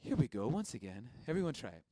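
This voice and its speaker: A man's voice: mid-range voice, big pitch swings, fast, heavy background noise. A man casually teaching a live-streamed music lesson, encouraging and explaining each step plainly.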